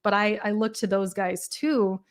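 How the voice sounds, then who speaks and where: A woman with a calm, soft-spoken voice chats thoughtfully as a guest on a video call. She laughs often and restarts her sentences as she talks things through, keeping a relaxed, even delivery throughout. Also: mid-range voice, normal speed. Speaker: guest gamer and YouTuber. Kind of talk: casual interview chat.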